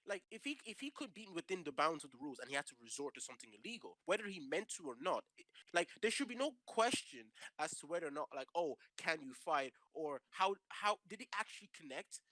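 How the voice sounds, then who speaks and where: A man in casual podcast chat, animated and restarting his sentences often as he acts out quotes. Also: on the high side, fast, no room sound, rough recording.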